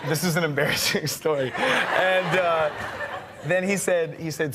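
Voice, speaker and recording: A young man, a musician, excitedly tells a personal story in casual talk, laughing often and acting out what people said. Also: fairly high pitch, a little slow, heavy background noise. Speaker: musician guest. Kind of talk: casual anecdote.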